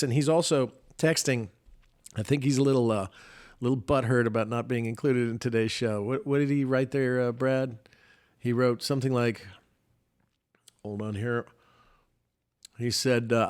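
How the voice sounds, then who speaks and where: A man's voice: mid-range voice, fairly even intonation, a little slow, pauses often. A middle-aged man co-hosting a podcast remotely, telling stories in casual chat with self-mocking humor. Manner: chatty, self-mocking storyteller. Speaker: podcast co-host. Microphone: remote podcast mic.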